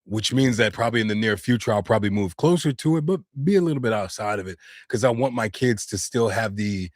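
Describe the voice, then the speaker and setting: American man, casual streamer, lower voice, dry close sound, talks straight to chat. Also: fast, no echo. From United States. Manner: chatty, answers viewer comments directly, loose slang. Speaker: live streamer and voice actor. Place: home studio.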